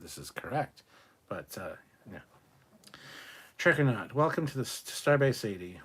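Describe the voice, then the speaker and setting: A man hosting a casual live stream, reading out and answering viewer chat messages with loose jokes and the odd swear. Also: medium pitch. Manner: joking, swears, chats loosely.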